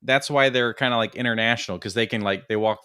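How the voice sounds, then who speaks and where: A man's voice: mid-range voice, fast talker, sharp tone, clean tone, no room sound. A man co-hosting a casual chat, joking with a dry sense of humor. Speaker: co-host.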